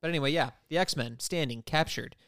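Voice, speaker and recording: A man hosting a podcast, recapping episodes in casual chat, animated and often laughing. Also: on the high side, clean tone, dry recording, clean studio sound. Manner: animated, laughing, does quick impressions.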